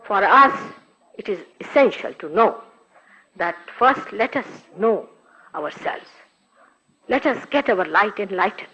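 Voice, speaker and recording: Emphatic older woman preaching, lively pitch. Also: unhurried, long pauses, slightly rough. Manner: emphatic, scolding rhetorical questions. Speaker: spiritual teacher. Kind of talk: recorded spiritual talk. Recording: dull lo-fi archive recording.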